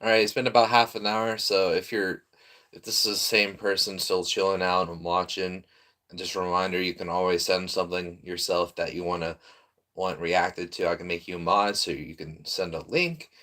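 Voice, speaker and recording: A man's voice: deep voice, level tone, normal speed, sharp tone. A man streaming a casual reaction, rambling through restarts and often breaking into laughter.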